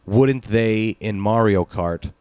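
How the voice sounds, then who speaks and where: A man with a deep, low voice hosts a casual podcast, rambling through loose banter, swearing freely and breaking into laughter. The sound is dry and close, with no room around it. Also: takes it slowly, a little mellow, clear, resonant tone, no room sound. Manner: rambling, profane, laughs often. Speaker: podcast host. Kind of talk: casual chat.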